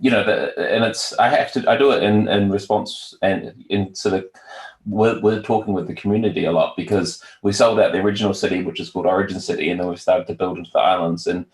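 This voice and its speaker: Low-voiced New Zealand man, echoey room. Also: fast. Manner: relaxed, hesitant with many fillers. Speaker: guest, virtual world founder. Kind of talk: casual interview chat.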